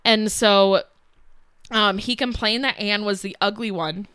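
A woman's voice: medium pitch, steady tone, measured pace, fairly bright tone, smooth, dry recording, clean studio sound. A young woman casually telling a history story as co-host, chatty with fillers and giggles. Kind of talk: casual chat.

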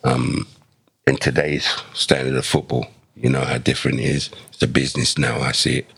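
A man in his sixties with an extremely deep, gravelly, husky voice. He talks in a relaxed, conversational way as a podcast guest. He acts out the lines of the people in his stories. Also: normal speed. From England. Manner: animated, acts out dialogue with quoted voices. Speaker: podcast guest, former footballer. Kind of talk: conversational storytelling.

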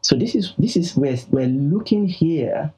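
A man's voice: fairly high pitch, lively intonation, unhurried, dark tone, slightly rough, poor audio. A man teaching the Bible in a broadcast, emphatic and repeating key phrases.

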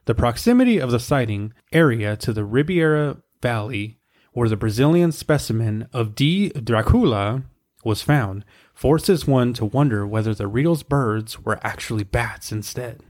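Man, podcast co-host, steady reading, wry asides, mid-pitched voice. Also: measured pace. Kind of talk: reading research aloud, casual chat.

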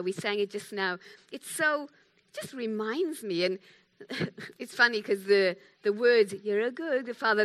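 Bright-voiced woman preaching a sermon. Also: a little high. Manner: chatty, self-deprecating, acts out quotes.

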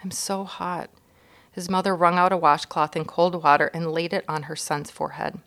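A woman guest reader narrating a children's storybook chapter in a calm, measured, expressive way. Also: low voice, gravelly.

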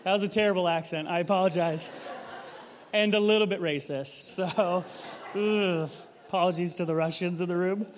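Male pastor, casual sermon, high-pitched voice, long hall reverb, rhetorical questions. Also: steady tone, normal speed, slight background noise.

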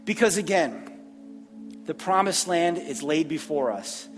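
A man preaching a sermon as pastor, earnest, often repeating words and pausing. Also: a little high, lively intonation, big-room sound, soft background music. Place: church sanctuary.

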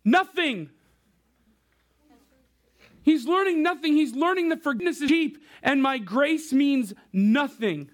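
Youth pastor type, thirties, man with a very high voice, chatty laid-back preaching. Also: expressive, a little slow, pauses often. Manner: casual, conversational preaching to a young crowd. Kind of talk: sermon.

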